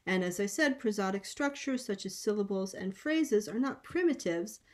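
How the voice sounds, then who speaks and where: Woman lecturer, mid-range voice, measured and explanatory, pauses with ums, video-call talk. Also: mid-range voice, animated, a little mellow. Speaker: linguistics lecturer. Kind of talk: academic conference talk.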